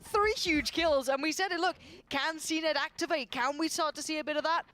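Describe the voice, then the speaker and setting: A woman commentating a live esports match, quick and chatty with playful banter. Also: high-pitched, a little hiss or hum. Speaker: esports caster. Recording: broadcast mix with loud music behind.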